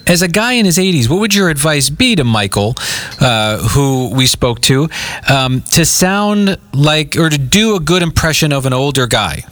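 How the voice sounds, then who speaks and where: Radio host guy, bouncy voice going way up and down, a bit high, soft music in back. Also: moderate pace, dry recording. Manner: excited, playful, laughs often. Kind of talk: morning radio talk.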